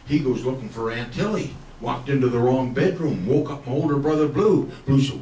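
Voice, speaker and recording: This country comedian tells funny rural stories to a live crowd, full of slang and folksy charm, laughing through his lines. He speaks fairly quickly with few pauses in a dark, mid-range voice. The recording is roomy and off-mic, with a little hiss or hum.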